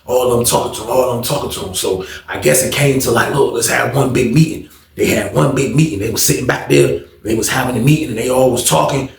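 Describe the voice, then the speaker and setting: A man telling a story in a casual, animated, slangy way, in an echoey room. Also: medium pitch, quick pace, gravelly, few pauses.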